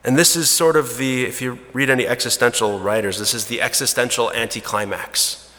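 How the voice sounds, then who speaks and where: Male preacher, conversational sermon, restarts, crisp bright tone, long hall reverb. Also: medium pitch, fairly even intonation, fairly quick. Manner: conversational, hesitant restarts, drops to a hushed voice for emotional moments. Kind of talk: sermon storytelling.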